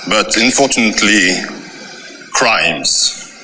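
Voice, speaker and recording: A man with a French accent giving a slow, weighty, philosophical speech. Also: on the low side, lively intonation, crowd noise, poor audio. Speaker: award speaker in a played clip.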